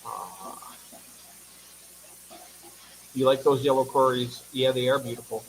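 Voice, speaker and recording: A man's voice: medium pitch, takes it slowly, creaky, background noise. A man hosting a casual livestream, chatty and affectionate, reading viewer comments aloud and sounding tired. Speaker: livestream host.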